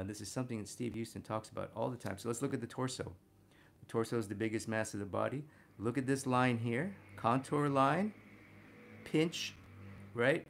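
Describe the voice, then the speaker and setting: A man teaching figure drawing and talking through a study, energetic and punctuating his points with "boom". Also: creaky. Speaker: art instructor.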